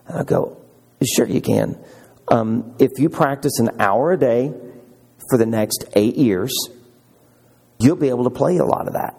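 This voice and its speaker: A male pastor delivers a sermon in a slightly husky voice. He preaches with energy, slipping into the voices of the people he quotes. He laughs easily as he speaks. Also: mid-range voice, normal speed, pauses often. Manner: animated, acts out quoted voices, laughs often.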